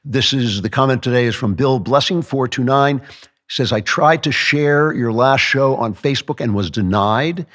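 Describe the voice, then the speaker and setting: A man's voice: mid-range voice, a bit bright. Male host, wry and sarcastic, monologue delivery. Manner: sarcastic, joking asides. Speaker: podcast host. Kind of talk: comedic political monologue.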